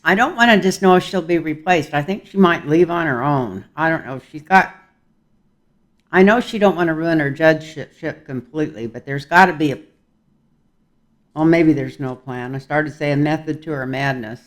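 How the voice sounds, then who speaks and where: A man's voice: fairly high pitch, normal speed. An older man giving a casual tarot reading, talking in a rambling, folksy way with chuckling asides. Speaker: tarot reader.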